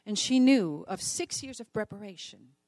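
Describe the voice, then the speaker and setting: A woman's voice: medium pitch, expressive, normal speed, darkish tone, dry recording. A woman born in the Netherlands preaching a sermon, telling stories earnestly and asking her listeners questions.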